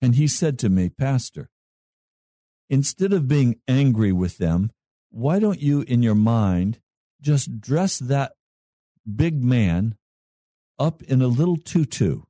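A male pastor preaching a sermon in a slow, measured way with long pauses. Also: medium pitch, sing-song, warm tone, dry recording, clean studio sound.

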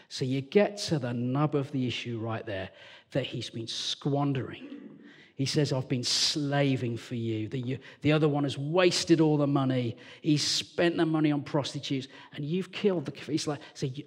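A man from England preaching a lively sermon as church leader, telling the story with animated character voices and sudden hushed moments. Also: mid-range voice, moderate pace. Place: church hall. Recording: reverberant church hall.

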